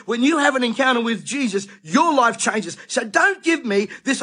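Middle-aged Aussie preacher, husky edge, fired-up ranting delivery. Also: male voice, very high voice, animated, normal speed, few pauses, bright, forceful tone. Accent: Australian. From Australia. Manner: indignant, ranting, emphatic. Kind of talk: impassioned monologue.

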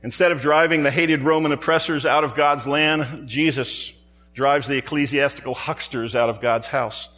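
A man's voice: fairly high pitch, fairly even intonation, moderate pace, fairly bright tone, long reverb tail. A man preaching a sermon in a church, dramatic and rhetorical, building his points through repeated phrases and pointed questions to the congregation.

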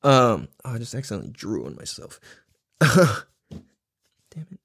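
A man's voice: mid-range voice, wildly swooping pitch, measured pace, creaky, a bit bright, husky, no echo, clean studio sound. A man hosting his own podcast, telling a rambling, profane story in a casual solo style, just back from a run. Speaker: podcast host.

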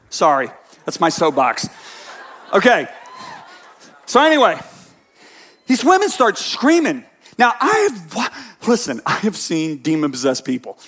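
Passionate high-voiced male preacher. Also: wildly swooping pitch, measured pace, long pauses. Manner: swings from hushed storytelling to shouted passionate bursts. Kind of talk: sermon storytelling.

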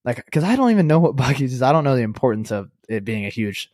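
A man's voice: mid-range voice, fast, dry recording, studio quality. Chatty young man hosting a podcast. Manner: chatty, animated, many fillers and self-corrections. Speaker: podcast host and company co-founder. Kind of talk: casual storytelling monologue.

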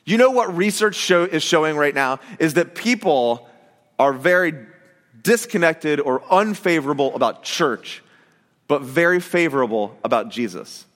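A male pastor giving a conversational, animated sermon, full of fillers and restarts, in a church. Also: fairly high pitch, normal speed, long reverb tail. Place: church hall.

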